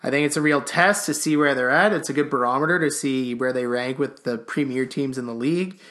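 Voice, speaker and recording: A man's voice: medium pitch, fairly quick, fairly bright tone. A man hosting a podcast in casual chat, reading out listener questions in a laid-back way and swearing casually. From Canada. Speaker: podcast host.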